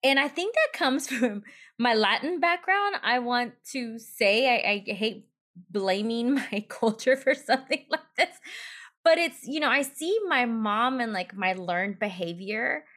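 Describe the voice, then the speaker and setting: A woman's voice: a little high, lively intonation, measured pace, a bit bright. A woman hosting a podcast, talking in a reflective, candid way as she sets up a question. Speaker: podcast host. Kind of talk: podcast interview.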